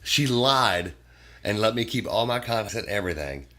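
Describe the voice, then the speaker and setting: A man's voice: on the low side, moderate pace. A middle-aged man, a podcast guest, telling stories in casual chat and acting out the people in them. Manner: animated storyteller, acts out quoted voices, swears freely.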